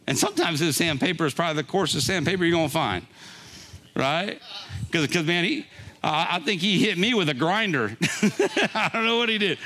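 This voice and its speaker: A man's voice: sits high, pushed and bright. An older man preaching a conversational sermon, often laughing and checking in with a "right?". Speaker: pastor.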